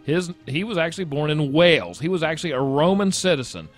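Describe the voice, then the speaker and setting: A male podcast host talks in a loose, rambling way, often tripping over his own words before he gets to the point. His pitch rises and falls a lot. Faint music plays under his voice. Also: lively intonation, fast. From United States. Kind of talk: casual podcast chat.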